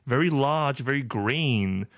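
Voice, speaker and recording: A man co-hosting a casual news chat, deadpan and rambling with many fillers. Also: medium pitch, slow pace, no echo. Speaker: co-host.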